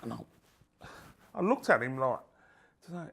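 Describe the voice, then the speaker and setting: Gravelly man recounting his past. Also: a little high. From England. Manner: halting, lively storytelling, acts out both sides of old conversations. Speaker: interviewee. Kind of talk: personal testimony.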